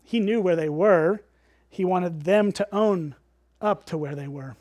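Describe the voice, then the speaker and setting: A man with a high, light voice walks his listeners through a Bible passage in a relaxed teaching tone. He keeps raising rhetorical questions and checking in with them. The sound is close and dry, with no room echo. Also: measured pace.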